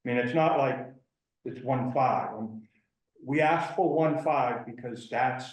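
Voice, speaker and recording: A man's voice: mid-range voice, unhurried, reverberant, low-quality recording. A man presenting a preservation funding request at a town meeting, speaking hesitantly with many fillers.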